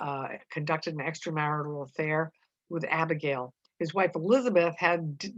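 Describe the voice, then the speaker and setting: A woman teaches a play to homeschoolers, reading it aloud and explaining in plain words with frequent fillers. Her voice is low for a woman. The recording is dull and dry, with no room sound. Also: fairly bright tone, no room sound. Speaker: literature teacher.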